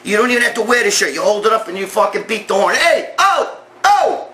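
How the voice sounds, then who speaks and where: A middle-aged male host with a slightly high, forceful voice that has a husky edge. He rants and tells stories in a brash, blunt, foul-mouthed way. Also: very fast. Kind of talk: profane monologue rant and storytelling.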